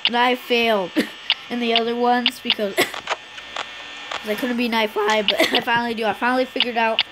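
Woman, gameplay commentator, excitable and giggly, taunts the game characters; slightly high voice, close mic with heavy electrical hum. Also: normal speed, pauses often. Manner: excitable, laughs and coughs often, talks to game characters. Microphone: close personal mic. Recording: loud mains hum, clicks.

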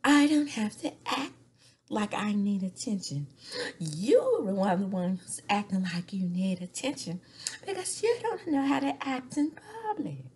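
Snippy, superior woman, put on by a husky-voiced recapper. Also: mid-range voice, big pitch swings, unhurried, a little mellow, exaggerated voice. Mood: haughty.

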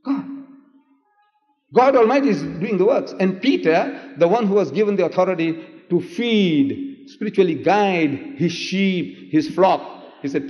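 Dramatic older preacher in an echoey hall. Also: male voice, high voice, expressive, unhurried. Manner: dramatic, swings between loud emphatic cries and hushed asides. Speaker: Islamic preacher in debate. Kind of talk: impassioned religious lecture. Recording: echoey hall, dull old lecture tape.

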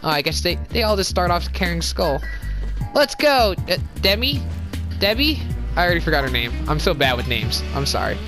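A woman giving casual let's-play commentary, chatty and apologetic, quick to exclaim at what happens on screen. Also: low-pitched, lively intonation. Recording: game music behind voice.

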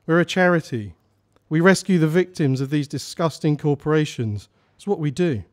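A man reading as a brisk, reassuring charity woman. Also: fairly high pitch, natural voice.

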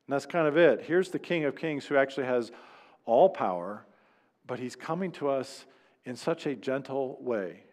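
A man's voice: medium pitch, animated, normal speed, a little mellow, big-room sound. A man preaching a sermon as pastor in a church, speaking conversationally and acting out quoted lines. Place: church sanctuary.

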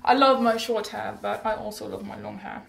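Bubbly teen girl vlogging, gravelly. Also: medium pitch, steady tone, normal speed, a bit bright, reverberant. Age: teens. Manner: bubbly, rambling, giggly, self-correcting. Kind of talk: casual chatty update vlog.

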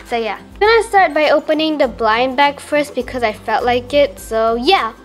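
High, lively gushing teen girl. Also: moderate pace, soft background music. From Malaysia. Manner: gushing, excitable fangirling with many "oh my gosh". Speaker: vlogger. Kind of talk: unboxing fan mail vlog.

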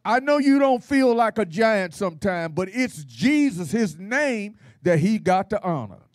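High, lively-voiced pastor preaching slowly. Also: male voice, no echo, studio quality. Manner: folksy, playful, call-and-response preaching with laughter. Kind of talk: Bible study sermon.

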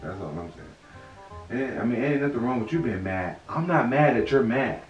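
A man's voice: medium pitch, expressive, normal speed, recorded from a distance, highs cut off. A man in a casual prank vlog, teasing and arguing back at his partner in their bedroom. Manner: teasing, laughs, argues back. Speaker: vlogger, boyfriend. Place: bedroom at home. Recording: roomy, off-mic, faint music.

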